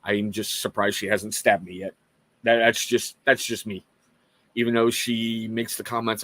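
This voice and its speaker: A man's voice: lowish voice, level tone, unhurried, a bit bright, no room sound. A middle-aged man from Washington State hosting a casual live talk show, speaking earnestly to viewers with rambling, self-mocking asides. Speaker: livestream host.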